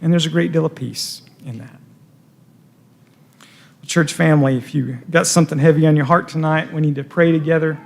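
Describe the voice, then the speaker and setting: A man's voice: fairly high pitch, fairly even intonation, normal speed, creaky, pauses often. A man preaching a sermon in a church, earnest, stumbling over repeated words, his voice rising and falling with feeling. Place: church sanctuary.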